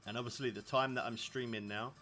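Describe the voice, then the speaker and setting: A man's voice: mid-range voice, steady tone, fast, bright, forceful tone, soft background music. A man in his thirties from England, rambling casually to his viewers while streaming a fishing game. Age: 30s. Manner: rambling, chatty, laughs often. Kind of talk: casual live-stream chat.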